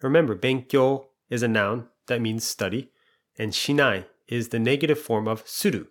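This language teacher keeps a steady, calm pace and a normal middle pitch, making every point clear through patient step-by-step explanation. Between points he asks quiz questions and walks through their answers.

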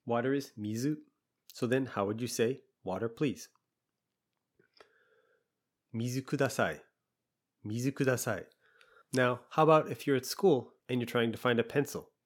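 A man teaching a language lesson, patiently explaining and repeating example phrases slowly. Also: medium pitch.

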